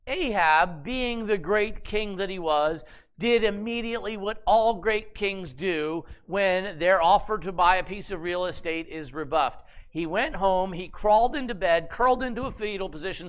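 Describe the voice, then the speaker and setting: A man preaching with a high, bright voice. He retells the story conversationally, animated and playful, dropping wry asides between the narrative beats. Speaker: pastor. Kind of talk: sermon.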